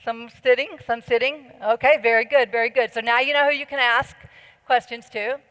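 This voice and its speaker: Earnest middle-aged woman speaker, slightly high-pitched, with reverb from a large hall. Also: fairly even intonation, moderate pace, fairly bright tone. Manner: earnest, persuasive, asks the audience questions. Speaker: conference speaker. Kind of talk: conference talk.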